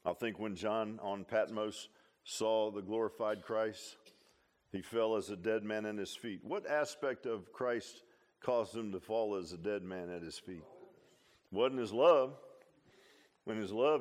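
This sermon comes from a man who takes his time, moving from forceful, loud declarations to soft, quiet remarks. Repetitions and restarted phrases run throughout his delivery.

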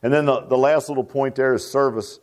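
A man's voice: mid-range voice, steady tone, fairly quick, a little mellow. A man preaching a sermon in a folksy, repetitive way that rises to emphatic bursts. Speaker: pastor.

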